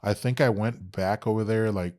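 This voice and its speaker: A man's voice: fairly low pitch, moderate pace. A man in his thirties from Texas, a podcast guest telling stories in casual talk, swearing a lot and acting out what people said. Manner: animated, heavy swearing, acts out quoted exchanges. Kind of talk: casual interview storytelling.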